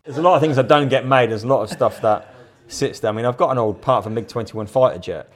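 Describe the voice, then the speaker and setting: A man's voice: medium pitch, fast talker. Chatty rambling middle-aged man. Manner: rambling, chatty, laughs often, repeats words. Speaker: guest artist. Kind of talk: casual interview chat.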